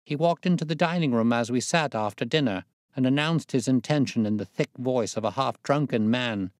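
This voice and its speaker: A man narrating a classic story aloud in a steady, measured reading voice. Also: mid-range voice, no room sound, studio quality.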